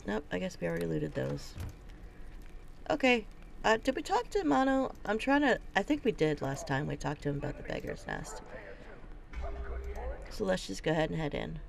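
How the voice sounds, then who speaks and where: A woman giving casual commentary on a video game she is playing, chatty and thinking out loud. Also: on the low side, huge pitch swings, normal speed, vocal fry, long pauses, a little hiss or hum. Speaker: game streamer. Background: faint game music.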